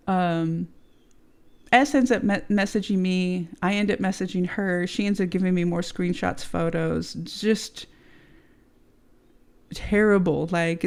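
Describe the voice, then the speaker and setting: Gravelly-voiced woman telling a candid story. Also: fairly low pitch, darkish tone. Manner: casual, profane, many fillers and rhetorical "right?". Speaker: podcast guest telling her story.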